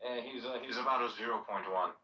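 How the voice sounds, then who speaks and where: A man's voice: mid-range voice, quick pace, pushed and bright. A blunt, dismissive man in a casual group chat who swears a lot, heard on roomy, distant chat audio. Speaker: chat participant.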